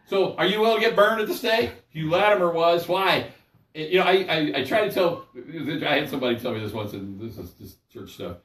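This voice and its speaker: A man's voice: on the high side, animated, a little fast, fairly bright tone. An older man and pastor leading a Bible study sermon in a folksy, conversational way, often checking in with his listeners. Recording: echoey room, mic at a distance.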